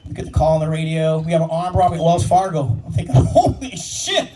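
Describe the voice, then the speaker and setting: A man doing stand-up comedy about police work, telling brash, profane stories quickly. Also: fairly high pitch, level tone. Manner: brash, profane, fast storytelling punctuated by laughs. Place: comedy club stage before a live audience. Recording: distant mic with loud crowd laughter.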